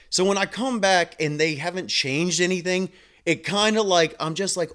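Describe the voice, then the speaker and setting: A man's voice: high-pitched, moderate pace, a bit bright. A man telling a story about his patients in a blunt, emphatic, casual monologue. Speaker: home health clinician.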